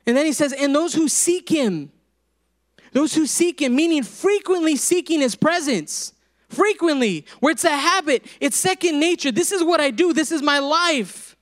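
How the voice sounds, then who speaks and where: High-voiced man preaching a sermon. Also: lively intonation, moderate pace. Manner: dynamic preaching, rising to emphatic peaks, joking with the congregation.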